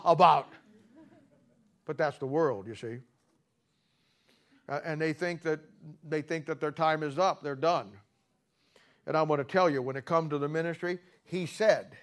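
A man preaching a sermon in a folksy, storytelling way, with sudden loud bursts between quieter stretches. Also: sits high, moderate pace.

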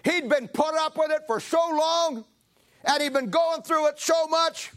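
A man preaches with a notably high voice. He leans into the text, acting out a biblical figure's complaints in a raised, pleading tone before dropping back to plain teaching. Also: unhurried, fairly bright tone. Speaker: pastor. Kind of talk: sermon.

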